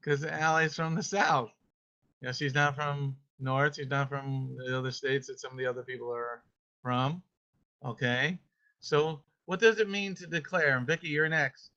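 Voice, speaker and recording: A teacher leads a homeschool lesson over a video call, calling on students one by one in a playful way. The voice is bright and forward. The call audio sounds dull and lo-fi. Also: medium pitch, fairly even intonation, moderate pace. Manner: playful, calls on students by name. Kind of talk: online homeschool class with scripture reading.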